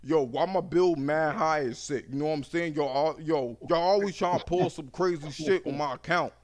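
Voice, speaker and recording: A man playing a brash, annoyed caller who speaks in slang and complains loudly about his bill. He sounds fed up and pushy. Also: fairly high pitch, moderate pace, pitched above the performer's own voice, close to an everyday voice.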